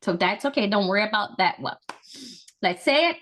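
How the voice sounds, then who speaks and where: A woman's voice: medium pitch, animated, a little fast, a bit bright. Upbeat woman teaching a class. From Brazil, Amazonas. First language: Portuguese. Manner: upbeat, encouraging, chatty. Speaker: language and culture trainer. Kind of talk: online language lesson with call-and-repeat drills. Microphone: video call.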